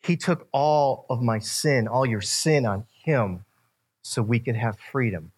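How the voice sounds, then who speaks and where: A man preaching a casual, animated sermon to a youth group, using slang and quoting voices. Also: medium pitch, a little slow, breathy edge. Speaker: youth pastor.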